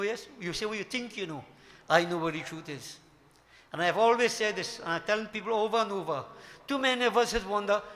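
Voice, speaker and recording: A man's voice: high-pitched, bright, forceful tone, a little hiss or hum. An older man gives a devotional sermon, emphatic and full of rhetorical questions to his devotees. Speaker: Hindu spiritual teacher.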